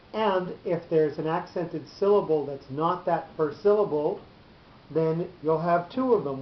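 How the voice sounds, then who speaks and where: A man teaching a class, explaining patiently and slowly with frequent pauses. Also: a little high. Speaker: teacher of Torah cantillation. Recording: roomy, dull, slightly noisy recording.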